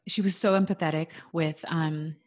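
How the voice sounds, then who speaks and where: A woman in her thirties with a deep voice tells her fertility story in a casual chat. She's animated and quick to quote what people said to her.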